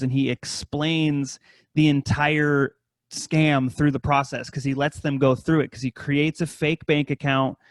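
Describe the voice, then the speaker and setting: Man, podcast co-host, rambling profane chat, fairly high voice, dry close-miked sound. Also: no echo. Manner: rambling, heavy swearing, mimics scammers in high voices.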